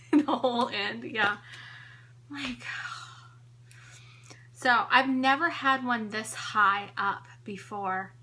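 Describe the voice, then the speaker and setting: Speaking very slowly with long pauses, this pregnant woman in her late thirties uses a high-leaning voice that sounds pushed and bright. She's a home organizing vlogger giggling and chatting, a little out of breath, as she walks live-stream viewers through her home on a tripod camera.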